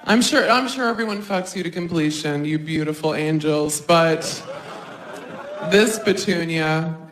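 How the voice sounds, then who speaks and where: A woman works a live stand-up set into a handheld mic, chatty and animated. She keeps darting into quick put-on voices for other people as she tells her bits. The sound carries a roomy stage echo, with a faint hum of noise behind her. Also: low-pitched. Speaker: stand-up comedian.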